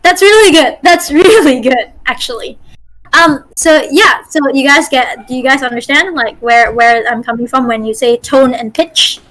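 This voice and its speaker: A woman's voice: high voice, normal speed, a bit bright, rough recording. A woman game master teaching a casual online voice acting workshop, chatty and full of fillers and restarts over a call mic.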